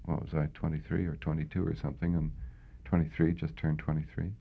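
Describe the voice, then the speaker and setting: An older Canadian man speaks in a very deep, gravelly voice with a husky edge. He reflects slowly, pausing and restarting as he recalls events. The sound is thin and tinny, like an old phone-line recording. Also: level tone. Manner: reflective, hesitant with many fillers. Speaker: veteran interviewee. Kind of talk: oral history interview.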